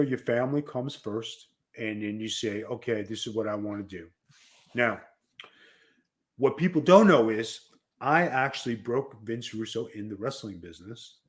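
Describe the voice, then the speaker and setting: A man with a New York accent hosting a wrestling podcast, telling stories and acting out the people he quotes. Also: medium pitch. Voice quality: animated storyteller who acts out quoted dialogue. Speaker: podcast host and former wrestler. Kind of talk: casual storytelling chat.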